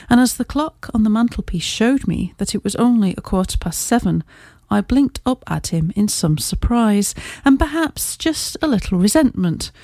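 A woman narrating a classic tale in a steady, measured way. Her voice is mellow and warm in tone, and the recording is dry and close-miked. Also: medium pitch, no room sound. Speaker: audiobook reader. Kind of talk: scripted narration.

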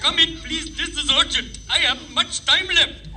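A man's voice: very high voice, normal speed, pushed and bright, exaggerated voice. A man voicing assorted foreign radio operators in an old comedy broadcast, pleading urgently and then bidding curtly. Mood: panicked. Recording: noisy old broadcast recording.

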